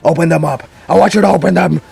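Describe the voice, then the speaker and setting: A man voicing a menacing male clown monster who taunts his victim, his voice climbing higher and louder. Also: fast talker, creaky, breathy edge, exaggerated voice. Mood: taunting.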